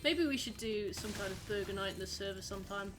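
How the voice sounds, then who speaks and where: Over music, a young woman streams a game and chats casually with her viewers, rambling and responding to their messages. Her voice is medium in pitch and her pace is quick.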